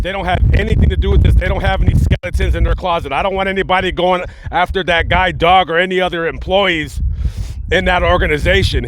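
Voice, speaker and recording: Man, YouTube commentary host, angry, emphatic, stumbling restarts, higher pitch. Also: fairly bright tone, a little hiss or hum. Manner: blunt and emphatic, with halting restarts. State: angry and upset. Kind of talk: heated direct-to-camera commentary.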